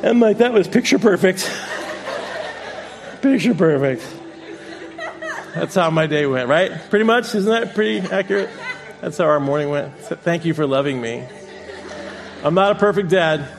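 Chatty self-mocking pastor, faint music. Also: male voice, a little high. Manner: chatty, self-mocking storytelling with frequent laughs. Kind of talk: sermon with personal story.

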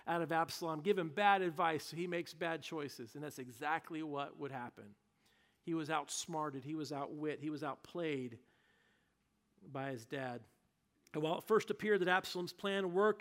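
High-voiced preacher telling a story. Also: male voice, a bit bright. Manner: casual, joking storytelling. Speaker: pastor. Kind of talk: sermon.

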